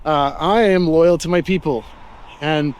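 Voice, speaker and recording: A man's voice: on the high side, unhurried, a little mellow, smooth. A man vlogging while walking outdoors in a city, asking passersby questions in a friendly, reflective way with loose fillers. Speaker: street interviewer and vlogger. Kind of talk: casual walking vlog with street questions. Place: outdoors in a city street and park.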